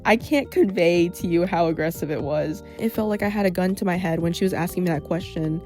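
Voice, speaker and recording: A woman's voice: fairly low pitch, a little fast, hardly any pauses. Wry young woman telling a storytime. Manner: wry and sarcastic. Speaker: vlogger. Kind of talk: storytime vlog narration. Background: faint background music.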